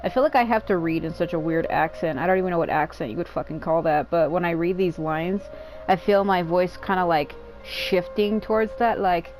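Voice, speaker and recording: A woman's voice: fairly low pitch, moderate pace, darkish tone, rough recording. A woman casually commenting while she plays a game, explaining its lore in a rambling way, full of "like" and the odd swear word. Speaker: gamer. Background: game music.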